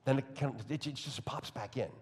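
Male preacher, faint New York accent, animated when excited, in a reverberant hall. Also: medium pitch, moderate pace. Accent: New York, slight. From New York area. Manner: enthusiastic, speeds up when excited, reads scripture aloud. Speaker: pastor. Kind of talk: expository sermon.

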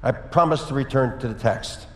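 A man preaching a sermon as pastor, telling a personal story in a conversational way with lively asides. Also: medium pitch, normal speed. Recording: echoey hall with long reverb.

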